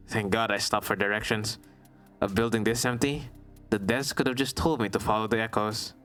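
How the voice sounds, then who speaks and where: A man's voice: medium pitch, moderate pace, a bit bright, soft background music. A man casually reading a visual novel aloud and joking about it as he goes. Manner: joking, chatty, reacts aloud. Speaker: streamer playing a visual novel.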